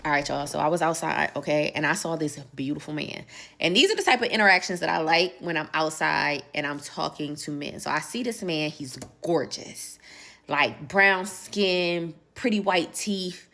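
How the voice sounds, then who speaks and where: Lively storytelling woman in her forties. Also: sits low, moderate pace, gravelly. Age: 40s. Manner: animated, emphatic, acts out dialogue. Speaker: social media poster. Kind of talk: casual storytelling clip.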